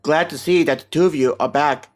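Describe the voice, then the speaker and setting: Audiobook leader line, level-headed and practical narrator-voiced. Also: male voice, fairly high pitch, brisk, soft background music, natural voice. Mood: urgent.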